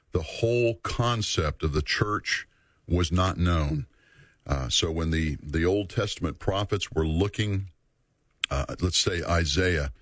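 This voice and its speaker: A man teaching a Bible study series in an earnest, measured way, repeating words for emphasis. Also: sits low, no echo.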